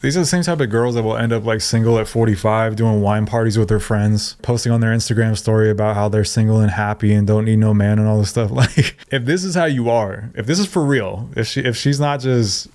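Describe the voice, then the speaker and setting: A man's voice: fairly low pitch, a little fast, few pauses, darkish tone. A man hosting a reaction video, giving blunt, mocking commentary and laughing often. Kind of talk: casual commentary.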